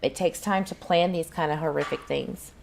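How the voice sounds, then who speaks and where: A woman's voice: sits low, normal speed, gravelly, darkish tone, a little hiss or hum. A woman, hosting a casual livestream and chatting back to viewers' comments in a rambling way. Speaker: channel host.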